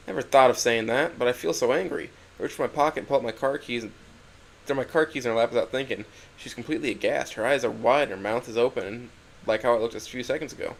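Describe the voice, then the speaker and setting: A man's voice: mid-range voice, fast talker, creaky, slight background noise. A man narrating a first-person dramatic story, emotional and swinging from hurt to angry outbursts.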